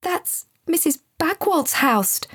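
A woman's voice: animated, takes it slowly, a bit bright, dry recording, clean studio sound, exaggerated voice. A woman doing an anxious little boy. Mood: fearful. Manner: breathless, high and urgent. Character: frightened small boy, anxious and excitable.

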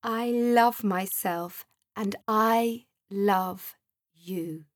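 A woman voicing a gentle joyful boy. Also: medium pitch. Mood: tender. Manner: slow, soft and heartfelt.

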